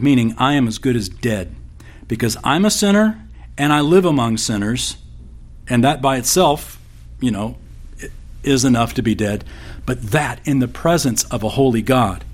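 A man preaching a sermon as pastor, conversational and folksy, slipping in corny jokes. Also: medium pitch.

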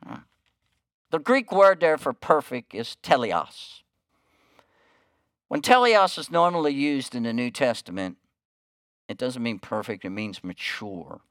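A man preaching a sermon, telling a story that dips into hushed quoted lines and then rises with emphasis. His voice is smooth and resonant at a middle pitch. The sound is dry and close, with no room echo. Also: big pitch swings, unhurried, pauses often. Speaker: pastor.

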